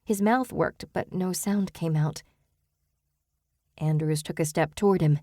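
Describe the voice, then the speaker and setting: A woman reads a cozy mystery audiobook in an even, measured way. Her voice sits low and mellow. The recording is dry and close. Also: dry recording. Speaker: audiobook narrator. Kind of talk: scripted narration.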